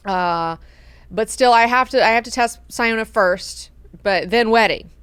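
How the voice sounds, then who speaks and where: A woman voicing a furious ancient male god-emperor who rants loudly and swears. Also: on the high side, measured pace, clean tone, no echo. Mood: ranting. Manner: ranting, profane, loud.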